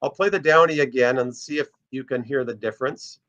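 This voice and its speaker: A man's voice: mid-range voice, brisk, a bit bright, dull audio. A man teaching a casual online birding lesson, explaining step by step as he plays bird recordings. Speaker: birding instructor.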